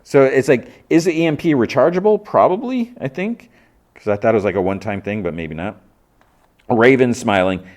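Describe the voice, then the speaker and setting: A man's voice: mid-range voice, expressive, brisk, a little mellow. A man hosting a podcast, casually recapping a TV episode with stumbling restarts and questions to himself. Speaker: podcast host.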